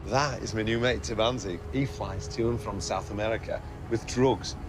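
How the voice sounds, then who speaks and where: A streamer voicing a gruff crewmate in a very deep, deadpan way. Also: moderate pace, background noise, natural voice.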